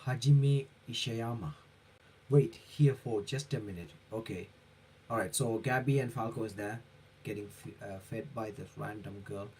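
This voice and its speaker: A man live-streaming his reaction to a comic chapter, reading it aloud haltingly and correcting himself as he comments. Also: lowish voice, a little mellow, slight background noise, poor audio. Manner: halting, with frequent self-corrections.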